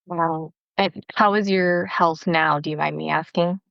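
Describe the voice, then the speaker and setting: A woman's voice: fairly low pitch, fairly even intonation, a little slow, gravelly, dry recording, muffled recording. A woman cohosting a podcast interview, effusive, often stumbling through restarts. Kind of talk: conversational interview.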